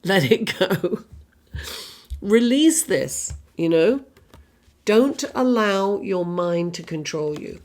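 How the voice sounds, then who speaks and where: Gravelly, chatty woman reading tarot. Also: medium pitch, expressive, takes it slowly, darkish tone. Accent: non-American. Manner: chatty, rambling, full of "you know" and "right?". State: under the weather, coughing. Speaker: tarot reader.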